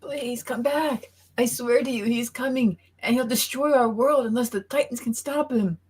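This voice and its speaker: A man's voice: very high voice, normal speed, slightly rough, pitched above the performer's own voice. A man voicing a young woman sorceress in a comic book read-aloud, pleading urgently and drawing out his words.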